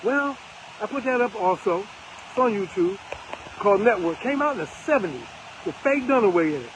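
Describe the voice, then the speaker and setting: Emphatic older man with a high voice. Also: very animated, fairly quick, noisy background. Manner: preachy, emphatic, repeats phrases for effect. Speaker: host of a live broadcast. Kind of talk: casual live-stream commentary.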